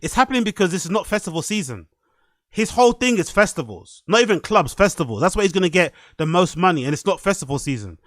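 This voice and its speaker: Man, podcast host, rambling, sweary, high voice, dry room. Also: sing-song, fast, a bit bright, dry recording. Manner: swearing, rambling, frequent asides. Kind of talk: casual reaction chat.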